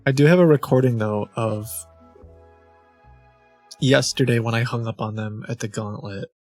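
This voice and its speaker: A man's voice: medium pitch, steady tone, normal speed, a little mellow, faint music behind. Chatty man telling a story on stream. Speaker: streamer host. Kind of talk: casual stream chat.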